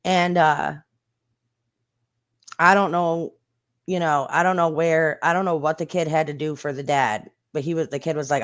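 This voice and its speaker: A livestream host reacts to viral clips in a blunt, indignant way, with mild swearing. The voice sits at an ordinary middle pitch and chats straight to the viewers. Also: normal speed, smooth. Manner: chatty, talks straight to the viewers. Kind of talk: casual livestream commentary on viral videos.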